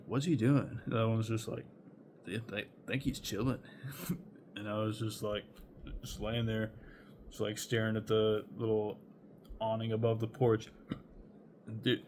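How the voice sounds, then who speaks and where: A man's voice: lowish voice, darkish tone, slight background noise. A young man telling a chaotic personal story in a loose, rambling way, swearing often and laughing between thoughts. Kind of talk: casual storytime.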